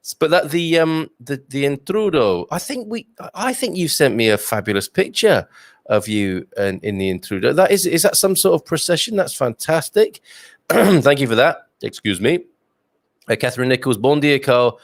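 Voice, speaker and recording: A man's voice: medium pitch, sing-song, moderate pace, dry recording, studio quality. A man hosting a casual livestream from home, reading out viewer comments in a chatty, jokey way with plenty of ums and uhs. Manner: chatty and jokey, many fillers. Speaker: livestream host. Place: home with a wood stove.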